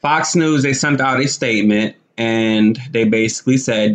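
A man's voice: mid-range voice, normal speed, few pauses. A man giving casual, slangy commentary, talking animatedly with lots of fillers and restarts. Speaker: commentary vlogger.

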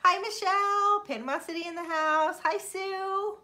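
With a very high-pitched, sharp voice and fairly even intonation, a Florida woman speaks at a moderate pace as she hosts a live stream. She casually greets viewers by name and laughs often, apologizing and teasing herself when she mispronounces names.

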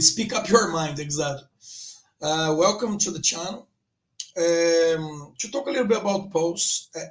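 A man hosting his own crypto channel live, talking loosely and rambling, with frequent restarts. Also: on the high side. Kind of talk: casual livestream commentary.

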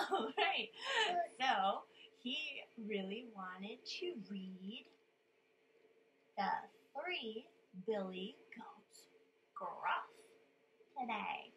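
Animated woman reading a children's story. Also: a little high, drawn-out words, long pauses, slight background noise, poor audio. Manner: animated, playful, asks the listeners to join in.

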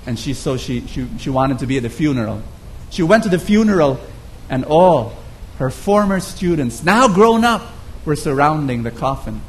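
Earnest preacher telling a story. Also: male voice, a little high, big pitch swings, moderate pace, few pauses. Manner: earnest, repeats words as he tells the story. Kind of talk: sermon storytelling.

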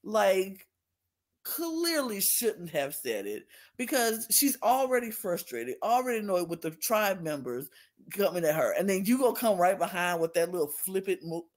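Podcast lady ranting, voice swoops way up and down when she acts out quotes, mid pitch, indignant. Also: normal speed. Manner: animated, acts out quotes with big pitch jumps; indignant, venting. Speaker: podcast co-host. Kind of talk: casual recap chat.

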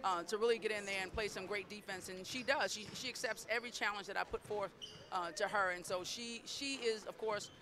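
Against crowd noise, a middle-aged women's basketball head coach speaks a little fast at medium pitch in a postgame interview. She is effusive and proud, often repeating herself.

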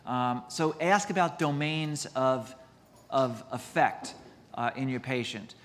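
A man's voice: mid-range voice, steady tone, takes it slowly, long reverb tail. A man, a doctor, giving a conference lecture in a chatty, self-deprecating way, mixing medical points with stories.

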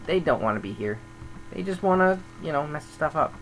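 A man's voice: fairly high pitch, animated, fairly quick, slight background noise, rough recording. A man talking casually over gameplay as a server admin, grumbling and thinking aloud as he goes.

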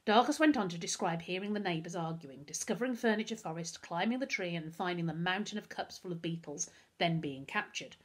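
A woman reads a children's novel aloud in a steady, expressive storytelling voice. Her tone is husky and breathy. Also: on the low side, a little fast, few pauses.

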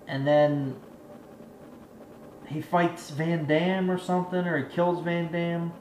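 A man's voice: a little high, level tone, takes it slowly, a little mellow, a little hiss or hum. A man giving a profane, rambling movie review rant, exasperated and swearing constantly. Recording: echoey room with faint ambience.

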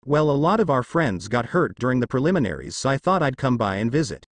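A man voices a brash, cocky teenage boy ninja full of bold talk. The pitch jumps around with energy, and the recording is close and dry. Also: big pitch swings, quick pace, no echo.

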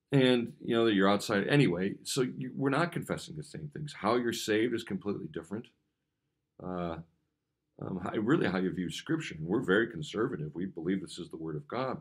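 A pastor with a Midwestern American accent speaks in a very low, deep voice. He teaches in a plain, conversational way, blunt and direct, often stopping to restart a sentence. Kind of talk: devotional teaching talk.

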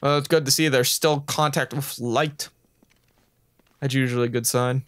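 A man's voice: medium pitch, steady tone, moderate pace, fairly bright tone. A man giving casual, joking commentary while playing a video game, rambling and profane. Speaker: let's play commentator.

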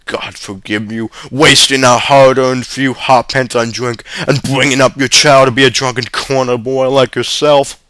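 A man reading a story and voicing a mother who accuses her husband in a shrill, bitter voice. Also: steady tone, normal speed, few pauses, a bit bright, no room sound, close to an everyday voice. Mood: bitter accusing. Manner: shrill, accusing, then tender. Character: hysterical, bitter working-class mother.

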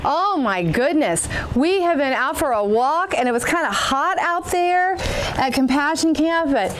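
A woman pastor giving a playful, animated message to children at a camp. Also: high-pitched, a little slow, background noise. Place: outdoors in the shade.

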